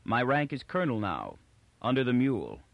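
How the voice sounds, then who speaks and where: A man doing a cold colonel, clear and level, emotionless, dry close sound. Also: mid-range voice, big pitch swings, normal speed, no room sound, muffled recording. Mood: flat.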